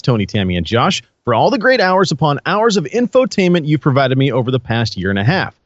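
A man's voice: fairly high pitch, quick pace, few pauses, no room sound, dull audio. A man co-hosting a casual podcast, reading listener reviews aloud with frequent laughs. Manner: lively, laughs while reading. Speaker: podcast co-host.

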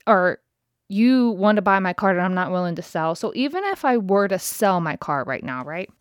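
This podcast host, a woman in her thirties, delivers a chatty, exasperated storytelling monologue full of swearing. Her mid-range voice has a sing-song lilt at a normal speed, captured on a podcast mic with clean studio sound and no room sound.

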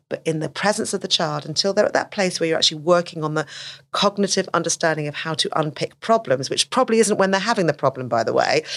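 Low-voiced woman, animated advice. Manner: animated, acts out quoted speech. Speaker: autism specialist guest. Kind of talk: conversational advice interview.

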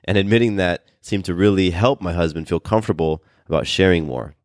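A man's voice: a little mellow, no echo, clean studio sound. A man co-hosting a podcast in casual, earnest chat, often restarting his sentences and reading a listener email aloud. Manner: earnest, speaks in halting restarts; calls his own voice bassy today. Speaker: podcast co-host.

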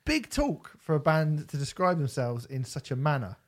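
A man co-hosting a music podcast in relaxed casual chat, with hesitant fillers. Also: on the high side, moderate pace.

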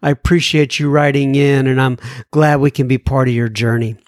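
A man from Alabama hosts a recovery podcast and chats his way through listener mail. He sounds folksy and fond of a joke, and he stretches his phrases out. His voice sits at a middling pitch in a dry, close recording. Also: steady tone, no echo. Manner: folksy, joking, drawn-out phrasing. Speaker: podcast host. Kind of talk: casual podcast talk, reading listener mail.

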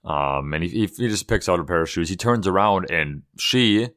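A man co-hosting a podcast in casual chat, talking haltingly and repeating words as he thinks. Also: low voice, animated, fairly bright tone. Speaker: podcast co-host.

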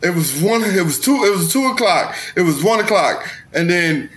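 A man's voice: high-pitched, expressive, moderate pace, fairly bright tone. A man co-hosting a podcast, bantering loosely and swearing as he jokes around. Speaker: podcast co-host. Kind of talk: casual banter. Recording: echoey room with noise.

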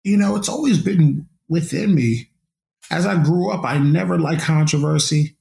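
A young man, once a college football player, recounts his story as an interview guest. His voice carries a gravelly, creaky edge, and he tells it in an upbeat, reflective manner. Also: a little high, moderate pace, mellow.

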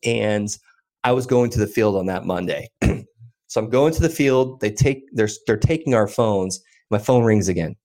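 A man in his thirties with a lowish voice recounts his story as a podcast guest. He talks quickly and loosely, full of fillers and asides. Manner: animated, quick anecdotal telling with many fillers. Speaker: podcast guest, land investor. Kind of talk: casual storytelling in an interview.

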